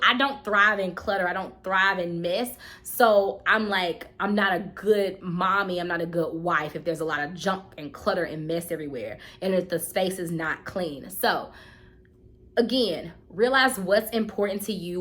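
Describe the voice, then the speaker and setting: Earnest mom vlogger. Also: female voice, on the low side, a bit bright. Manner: heartfelt, earnest, repeats phrases, gets choked up. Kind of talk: casual talking-to-camera vlog.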